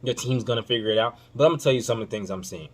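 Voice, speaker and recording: A male podcast host gives casual basketball commentary, emphatic and slang-heavy, swinging between loud outbursts and low muttering. He's racing.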